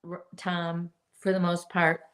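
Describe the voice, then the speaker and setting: A woman's voice: on the low side, completely flat delivery, unhurried, a bit bright. A woman, a mother, chatting casually about her children. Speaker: guest mother. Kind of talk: casual chat.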